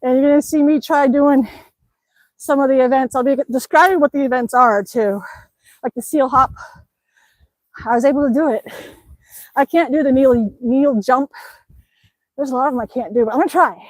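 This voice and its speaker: A woman with a high-sitting voice speaks in a low-quality recording with no room sound. Live-streaming outdoors in the snow, the vlogger chats, reads viewer comments aloud, and laughs often, slightly out of breath from a workout.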